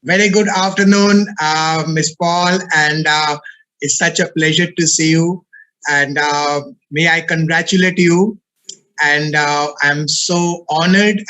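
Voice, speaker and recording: A fairly high, bright man's voice on a video call. He offers formal, effusive thanks and congratulations to guests, and his speech is full of "uh" fillers and repeated words. He sounds like a college head welcoming honorees. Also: rough recording. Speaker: college CEO.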